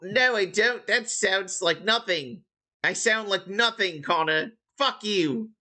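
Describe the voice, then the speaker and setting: A man doing a scrappy orphan with a Cockney-like twang, lifted high into a squawky register. The voice is bratty and defensive, tossed off during a tabletop game session. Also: slow, bright, forceful tone, exaggerated voice. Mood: indignant. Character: cheeky young Cockney-sounding orphan type.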